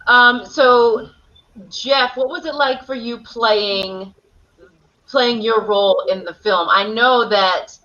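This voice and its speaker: A woman hosts a live online chat in a bright, forward voice, reading out viewer comments and putting questions to the guests. Her audio sounds dull and lo-fi, as from a stream. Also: a little high, takes it slowly. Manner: reads out viewer comments, chatty. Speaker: host. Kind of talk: live stream interview hosting.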